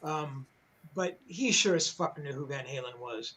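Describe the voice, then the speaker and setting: A man's voice: mid-range voice, a little slow, pushed and bright, slightly rough, rough recording. An older man, a rock journalist, telling a backstage story in casual, rambling talk, full of swearing, fillers and restarts.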